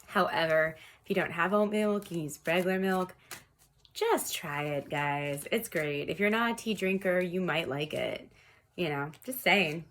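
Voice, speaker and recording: A woman's voice: lowish voice, fairly bright tone, slight background noise. A woman in her thirties giving a casual tarot reading at home, chatty and rambling, laughing often and talking to viewers like friends. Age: 30s. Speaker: tarot reader.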